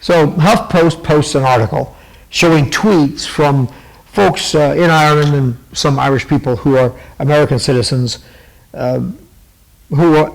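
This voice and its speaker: A man's voice: on the high side, creaky, rough recording. A man hosting his own podcast, talking casually and rambling with many fillers and restarts, sipping water to keep a cough at bay. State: fighting a cough. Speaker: podcast host. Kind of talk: casual commentary to camera.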